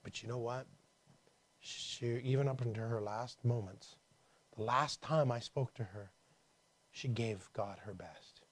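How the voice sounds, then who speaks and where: Man preaching, swinging loud and soft. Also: medium pitch, a little slow, long pauses. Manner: conversational preaching, swinging from hushed to emphatic. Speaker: pastor. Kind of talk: sermon. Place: church.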